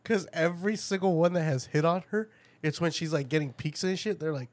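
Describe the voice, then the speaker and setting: A man's voice: on the high side, brisk, no echo. A man in casual chat, telling crude stories with lots of laughter and acted-out quotes. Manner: crude, laughing storyteller who acts out quotes.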